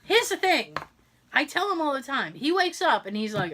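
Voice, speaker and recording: Lively, bright-voiced woman podcast host. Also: sits high, a little fast. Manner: animated, laughing storyteller. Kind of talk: casual chat.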